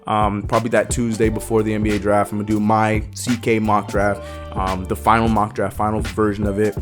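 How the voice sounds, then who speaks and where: A young man hosting a sports channel, ranting in an animated, emphatic way and stretching words out slowly to hammer a point. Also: on the low side, music in the background.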